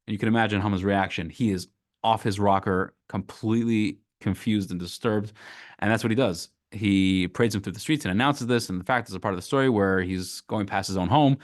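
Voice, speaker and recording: A rabbi teaching a Torah class, telling a story with acted voices in a casual manner. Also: male voice, on the low side, fairly quick. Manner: casual, with fillers.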